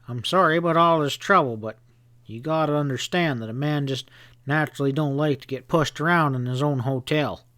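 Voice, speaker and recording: A man voicing a hot-tempered middle-aged hotel owner in a western audiobook, gruff and blustering. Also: on the high side, brisk, a bit bright, no echo, studio quality, natural voice.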